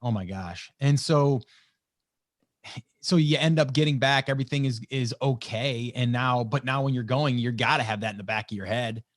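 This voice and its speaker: A man's voice: mid-range voice, moderate pace, no room sound. Male podcast host, mid-range voice, dry studio sound, encouraging tone. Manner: sympathetic, encouraging listener. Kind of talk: casual interview chat.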